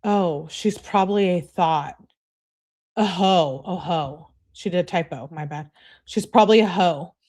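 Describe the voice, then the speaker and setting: A woman's voice: fairly low pitch, measured pace, a little mellow. A young woman casually reading text messages aloud on a live stream, adding blunt, chatty commentary of her own. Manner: chatty, blunt, reads quotes with a lifted voice. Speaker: online true-crime host.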